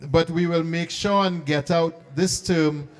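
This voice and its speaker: A middle-aged man, an archbishop speaking to a conference of school principals and leading them through a meditation. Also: a little high. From Trinidad and Tobago. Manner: animated and coaxing, then slow and hushed in prayer. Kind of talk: talk guiding a meditation. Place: conference hall.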